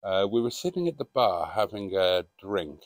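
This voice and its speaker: A man's voice: fairly low pitch, big pitch swings, moderate pace, no echo. A middle-aged man reminiscing in a casual vlog monologue, rambling and hesitant with frequent ums. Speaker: vlogger.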